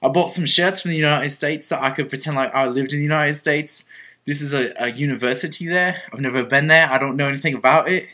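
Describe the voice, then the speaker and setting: Young guy vlogging a fake confession, kinda high voice, rambly and mock serious, trips over his words. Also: quick pace, bright, forceful tone. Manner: rambling, mock-earnest with stammered restarts. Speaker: vlogger on a group channel. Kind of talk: comic mock-confession vlog.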